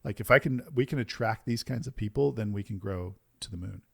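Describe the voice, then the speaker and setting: A man hosting a business podcast, talking in an energetic, emphatic way and often tagging his points with "right?". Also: fairly low pitch, a little fast, gravelly, slightly rough, dry recording, clean studio sound. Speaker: podcast host and business coach. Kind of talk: casual podcast conversation.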